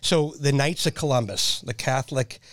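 A middle-aged man telling stories in a casual chat, animated and laughing often, with jumps in pitch when he quotes people. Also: normal speed, no echo, clean studio sound. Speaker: podcast guest.

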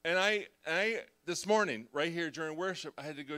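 A middle-aged man, a pastor preaching a confessional sermon who swings between hushed reflection and loud, animated storytelling. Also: on the high side, fairly quick.

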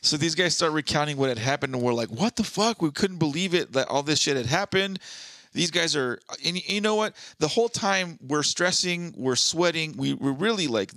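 A man's voice: a little high, a little fast, no room sound. A man co-hosting a casual podcast, talking in an easygoing way and often chiming in with short agreements. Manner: relaxed, chimes in with short agreements. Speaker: podcast co-host. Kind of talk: casual chat.

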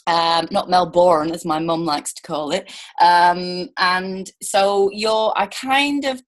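A woman's voice: fairly low pitch, fairly even intonation, slow. A woman hosting a casual interview podcast, chatty and rambling, with lots of fillers and restarts. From United Kingdom. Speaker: podcast host.

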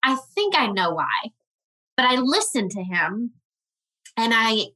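Bright-voiced woman telling an emotional story. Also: fairly high pitch, big pitch swings, rough recording. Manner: earnest, emotional, halting restarts. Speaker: podcast guest. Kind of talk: personal storytelling.

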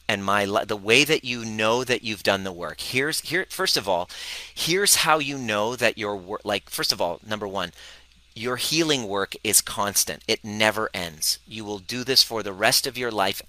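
A man coaching live on a stream, energetic and blunt, acting out his clients' worries in quick quoted voices. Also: lowish voice, no room sound, low-quality recording.

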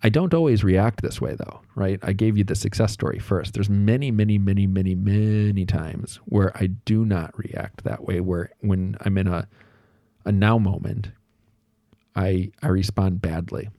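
Male podcast host, thirties, mellow dark tone, dry close mic, easygoing storyteller. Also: sits low, normal speed, no echo. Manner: conversational, self-deprecating, storytelling with asides. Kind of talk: solo podcast monologue.

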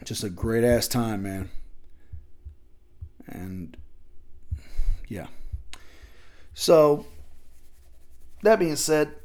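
A man recapping wrestling matches in a casual, excitable way, with a voice of middling pitch. He jumps into quick impressions of the wrestlers and the commentators as he tells the story. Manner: excitable, acts out the wrestlers' lines. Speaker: wrestling podcast host.

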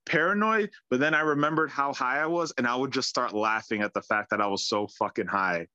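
A man tells a long, rambling story, swearing freely and laughing through his words. His voice is bright and forward. The recording is dry and dull, with a lo-fi edge. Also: mid-range voice, brisk, no room sound. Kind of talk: casual chat.

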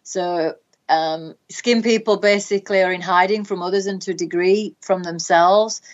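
A woman's voice: on the low side, steady tone, normal speed, muffled recording. A woman with a Northern English accent, a guest practitioner explaining health topics in a podcast interview, talking in long runs full of ums.

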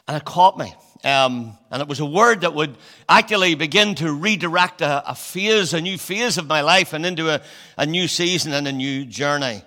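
Bright-voiced preacher in his sixties. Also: a little high, lively intonation, brisk, long reverb tail. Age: 60s. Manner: conversational, storytelling, with frequent fillers and restarts. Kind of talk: sermon. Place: church.

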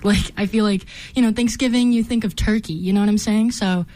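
A woman's voice: medium pitch, fairly even intonation, brisk, dark tone. A young woman co-hosting a radio sports show, chatting casually with lots of "like" and "um". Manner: chatty, many likes and ums. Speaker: co-host. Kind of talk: casual chat.

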